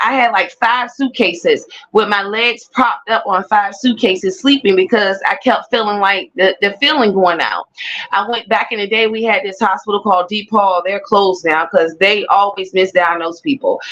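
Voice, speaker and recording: Animated woman telling her testimony. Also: medium pitch, lo-fi sound. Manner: animated storyteller who repeats phrases for emphasis. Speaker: guest sharing a personal testimony. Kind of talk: personal testimony storytelling.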